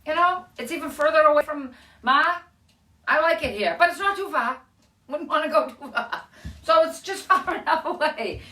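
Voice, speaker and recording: A woman's voice: sits high, lively intonation, moderate pace, pushed and bright, recorded from a distance. A woman voicing a cheerful young male pig who muses happily about where to build. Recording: echoey room, away from mic.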